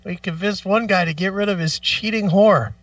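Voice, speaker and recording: A man's voice: sits high, moderate pace, a bit bright, dry recording. A man co-hosting a radio talk show, joking crudely and loosely with his partner. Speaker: co-host. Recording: dull, dry, distant audio.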